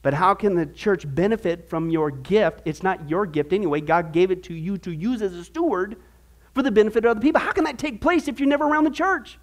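A man's voice: sits high, a little fast. A man teaching a church discipleship class on stewardship, reading scripture and teasing the class with jokes and mock voices. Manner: jokey, teasing asides, mock voices for the proud.

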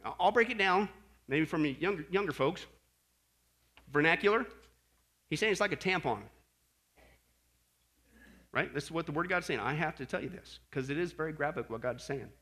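A male pastor preaching a sermon in an animated way, swinging from loud outbursts to hushed asides. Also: a little high, normal speed, long pauses, slightly rough. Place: Las Vegas.

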